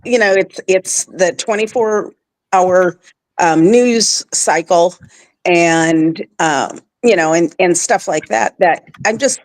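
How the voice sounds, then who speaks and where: A woman chatting on a business roundtable in a relaxed, rambling way, with many fillers. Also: on the low side, slow pace, no room sound. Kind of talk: casual roundtable chat.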